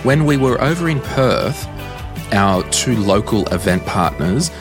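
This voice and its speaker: A man's voice: on the low side, animated, a little slow, music in the background. A man with an Australian accent hosting a casual money podcast, chatty and encouraging. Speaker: podcast host.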